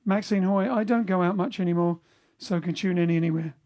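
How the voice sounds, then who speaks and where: A man's voice: high voice, fairly quick, darkish tone. A man hosting a lockdown livestream for his band, chatting casually and reading out viewer comments, rambling with lots of fillers and restarts. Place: home during lockdown.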